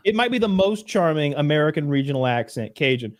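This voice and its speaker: A man's voice: on the high side, lively intonation, fast talker, dry recording, studio quality. A man in his forties from northeast Georgia, co-hosting a podcast in casual chat, blunt, profane and rambling. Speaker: podcast co-host.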